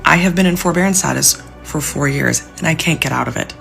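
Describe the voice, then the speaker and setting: A young woman with a low, gravelly voice rants on a vlog, distressed and pleading. Her tone stays heavy with frustration throughout. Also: a little fast, a bit bright, faint music behind. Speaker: civil servant with student debt. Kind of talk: emotional vlog rant.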